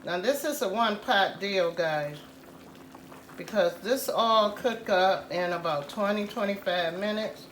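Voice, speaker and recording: Woman, cooking host, casual tutorial, unhurried delivery, roomy kitchen sound. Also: mid-range voice, fairly bright tone, slight background noise. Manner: slow, repetitive, says "guys" often.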